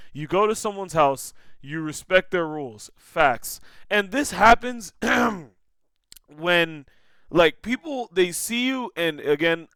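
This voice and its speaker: A man's voice: fairly high pitch, fairly bright tone, clean tone, dry recording. A young man giving casual, slangy reaction commentary on a clip, saying "bro" again and again.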